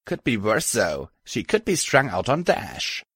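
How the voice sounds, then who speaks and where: A man's voice: mid-range voice, huge pitch swings, a little slow, fairly bright tone, breathy edge, no echo, full character voice. A man reading an audiobook, voicing an armored female pony warrior who talks casually with a crude smirk. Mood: cocky. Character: armored female pony killer, cocky, grinning.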